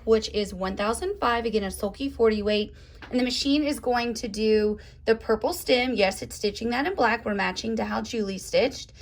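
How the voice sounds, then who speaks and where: A woman hosting a chatty step-by-step embroidery tutorial, cheerful and gushing, laughing often. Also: fairly high pitch.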